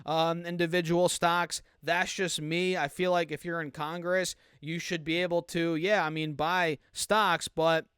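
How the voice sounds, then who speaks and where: Excited high-voiced male stock YouTuber. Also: unhurried, few pauses, clear, resonant tone, dry recording, clean studio sound. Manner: hyped, chatty, keeps addressing viewers as "guys"; laughs while talking. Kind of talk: casual finance commentary to camera.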